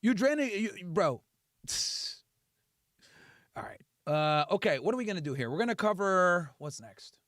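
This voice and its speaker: A man with a high voice that swings widely as he rants through a livestream. He curses freely and mocks his critics with heat, and his voice sounds close and dry. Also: very animated, normal speed, a bit bright, no echo. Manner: profane, heated, mocking. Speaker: livestream host. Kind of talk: livestream rant.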